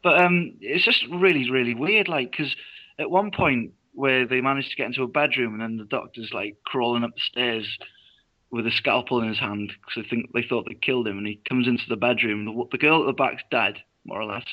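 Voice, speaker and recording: A young man co-hosting a show, casually retelling a film plot in a halting, rambling way with restarts. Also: mid-range voice, pushed and bright, rough recording. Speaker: co-host. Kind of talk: casual chat recapping a film.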